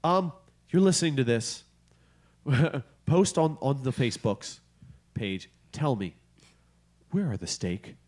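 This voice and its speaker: A man hosts a podcast from a studio, his pitch swinging widely as he jokes. He swears freely, mocks himself and laughs often in loose, casual banter. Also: very animated, slow pace, pauses often, darkish tone. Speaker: podcast host.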